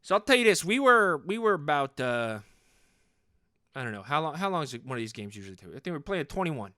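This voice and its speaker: Guy doing a bragging hothead dad on a comedy podcast, rambly, bright bouncy voice, dry close sound. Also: a little high, sing-song, quick pace, no room sound. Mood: worked up. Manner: rambling, boastful, repeats himself. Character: hot-headed, overcompetitive middle-aged sports dad. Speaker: podcast host in character. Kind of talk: improvised comedy podcast monologue.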